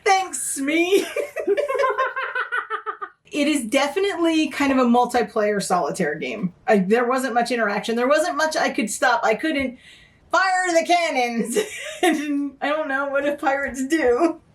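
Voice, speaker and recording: A woman's voice: sits high, lively intonation, a little slow. A middle-aged woman co-hosting a casual board game review chat, playful and giggly, slipping into pirate talk. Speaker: board game podcast co-host.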